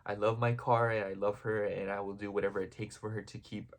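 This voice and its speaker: A young man with a somewhat low voice vlogs in a loose, heartfelt way. He rambles, filling almost every phrase with "like" and "you know," and talks openly and gushingly about his feelings. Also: flat delivery, a little fast. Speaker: vlogger. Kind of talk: casual heartfelt vlog chat.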